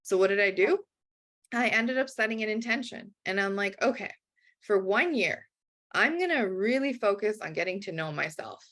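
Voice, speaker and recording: A woman's voice: medium pitch, normal speed. A woman guest telling a personal story in a casual interview, acting out the voices of the people in it. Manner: animated, acts out quoted dialogue.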